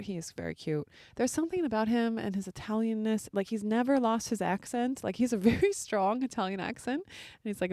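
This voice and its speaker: A woman's voice: medium pitch, darkish tone, no room sound. A woman hosting a podcast, telling a personal story in a casual, chatty way full of filler words. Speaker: podcast host.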